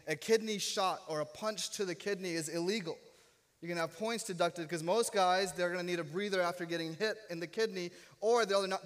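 High-voiced pastor in a reverberant church. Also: male voice. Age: 30s. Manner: humorous, self-deprecating storyteller. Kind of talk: sermon storytelling. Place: church sanctuary. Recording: long reverb of a church hall.

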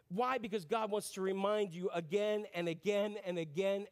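A man preaching a sermon, animated and talking straight to the congregation with questions and acted-out quotes. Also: high-pitched, brisk, hardly any pauses. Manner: animated, acts out quotes, asks audience questions. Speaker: pastor.

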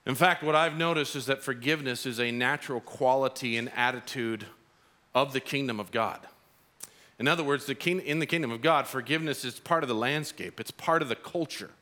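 A man preaching a sermon as pastor, telling stories in an animated way and rising to emphatic peaks. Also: mid-range voice, a little fast.

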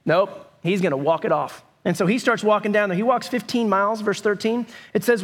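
A man preaching a sermon, telling the story in a lively, conversational way with bursts of raised voice. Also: high-pitched, brisk, hardly any pauses. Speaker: pastor.

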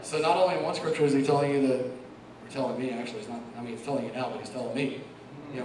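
In a church sanctuary, a middle-aged lay preacher gives an earnest, emotional testimony, quoting scripture and laughing between lines. His voice is mid-range and fast, with crowd noise, and the distant mic picks up an echoey hall.

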